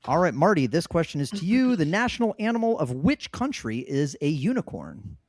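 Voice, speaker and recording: A man's voice: fairly high pitch, wildly swooping pitch, a little fast, no echo, clean studio sound. A man hosting a casual podcast trivia game, joking and laughing easily as he reads out the questions. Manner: laughs often, loose and joking. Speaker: trivia quiz host.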